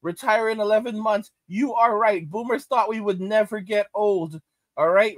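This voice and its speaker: A man's voice: high-pitched, normal speed, no echo. A middle-aged man hosting casual reaction commentary, reading out chat comments, ranting and repeating lines for emphasis with frequent laughs.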